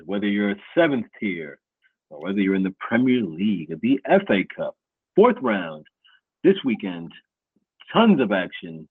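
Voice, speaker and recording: A man with a lowish, husky voice hosts a loose football podcast. He talks in a playful, hype-man way, and the sound comes through thin and phone-like with no room echo. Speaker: podcast host. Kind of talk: casual sports podcast chat.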